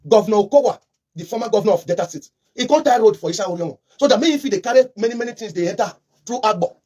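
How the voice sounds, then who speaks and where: A man's voice: high-pitched, lively intonation, racing, darkish tone. A man with a Nigerian accent mixing in Pidgin, giving fervent, rambling political commentary with lots of repetition.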